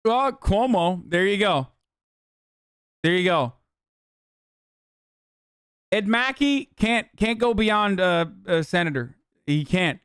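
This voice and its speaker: A male streamer rants at his chat in heated, profane bursts, blunt and mocking. His voice is smooth and resonant, fairly high for a man, and recorded close and dry with no room sound. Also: animated, slow, long pauses, a bit bright, dry recording. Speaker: streamer host. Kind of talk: profane live-stream commentary.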